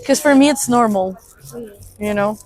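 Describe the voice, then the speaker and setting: A woman's voice: on the high side, normal speed, soft background music. A young woman from Brazil with a Brazilian Portuguese accent, chatting in a hostel and explaining things insistently. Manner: animated, teasing, explains insistently. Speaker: fellow hostel guest. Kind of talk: casual chat. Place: hostel common room.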